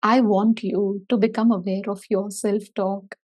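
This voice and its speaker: A middle-aged woman therapist giving a motivational talk to parents, expressive and animated, acting out her inner voice with big swings. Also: medium pitch, measured pace. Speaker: therapist for autistic children.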